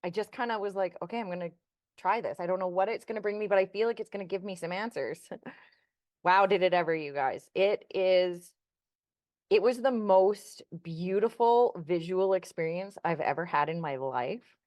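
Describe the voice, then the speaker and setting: A woman's voice: fairly low pitch, moderate pace, darkish tone, dry recording. A woman co-hosting a podcast, earnestly telling a personal story and acting out the remembered dialogue in casual chat. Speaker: podcast co-host.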